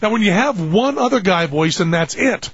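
Man, high-pitched, gravelly, husky, wry comic storyteller, dull lo-fi recording. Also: animated, normal speed, no echo. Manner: wry, exasperated storytelling with put-on voices. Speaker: podcast host. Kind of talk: comic podcast monologue.

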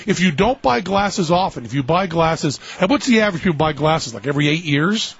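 A man hosting a radio show, telling a story in loud, animated comic banter with a raspy voice. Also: fairly high pitch, a little fast. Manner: animated storyteller, shouts in mock triumph. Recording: dull lo-fi radio sound.

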